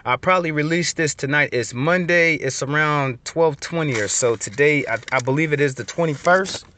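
A man giving a preachy motivational blessing talk, repeating "family" over and over and swinging between loud and soft. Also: a little high, moderate pace. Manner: repetitive, calls listeners "family" constantly, swings loud and soft. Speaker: online inspirational speaker.

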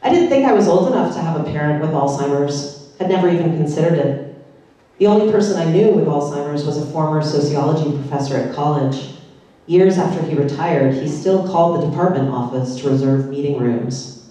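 A woman reading her own fiction aloud with dry, deadpan delivery at a public literary event in a large synagogue hall. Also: low-pitched, a little fast. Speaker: author reading her novel. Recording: echoey hall from far off.

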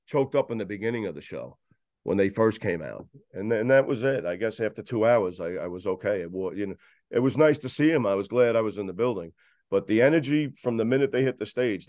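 A man tells a story in an animated, rambling way, often restarting sentences. His voice is mid-pitched and sounds close and dry, with little room echo. It is a relaxed podcast chat. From New York. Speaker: guest describing a concert. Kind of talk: casual chat.

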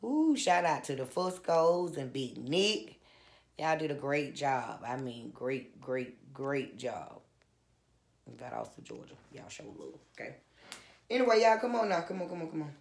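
A woman singer chatting casually to her fans in an effusive, soft-spoken way, often calling out to them directly. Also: sits low, big pitch swings, unhurried, vocal fry. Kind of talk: casual vlog chat. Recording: roomy echo with faint guitar behind.

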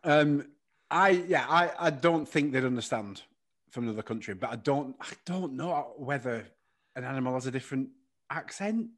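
A man's voice: medium pitch, expressive, normal speed, a bit bright. A man co-hosting a podcast, chatting casually, laughing often and joking around. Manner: playful, laughs often, breaks into silly voices. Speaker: podcast co-host.

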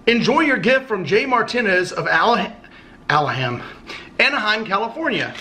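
A man's voice: high-pitched, animated, moderate pace, pushed and bright. A man vlogging as he opens fan mail, chatting casually, cursing and joking and stumbling a little as he reads notes aloud. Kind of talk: casual unboxing chat.

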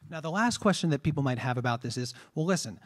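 A man's voice: fairly high pitch, animated, fast talker. A man teaching a trombone masterclass, explaining breathing with rhetorical questions and demonstrated vowel sounds. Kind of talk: masterclass lecture.

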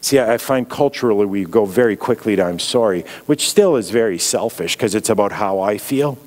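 A middle-aged man with a Canadian accent, preaching as a guest speaker in an earnest, reflective way, dropping softly when he quotes. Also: fairly low pitch, animated, a little fast. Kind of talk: sermon.

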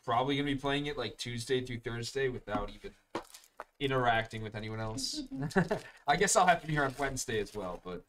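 A man's voice: lowish voice, a bit bright, slight background noise. A young man hosting a live card break, chatting casually and calling out each card as he opens packs. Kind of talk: live-streamed pack opening chat.

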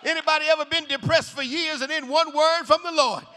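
A man preaching a shouted revival sermon in a large church, hollering in a rhythmic call-and-response style. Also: extremely high pitch, fairly even intonation, brisk. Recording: echoey hall reverb.

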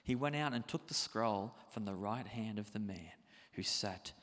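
A man preaching a sermon as pastor, animated and conversational, asking the congregation rhetorical questions. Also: lowish voice, moderate pace, big-room sound.

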